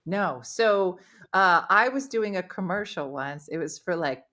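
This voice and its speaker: A chatty woman with a New Jersey accent hosts a casual comedy talk show. Her voice is bright and forward, and she talks in an animated way. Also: lowish voice, a little slow. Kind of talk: casual chat and guest introduction.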